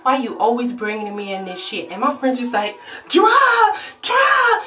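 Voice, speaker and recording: A woman vlogger telling a story to her own camera, animated and swearing, acting out shouted quotes. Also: mid-range voice, brisk, far from the mic, slight background noise. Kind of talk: storytime vlog.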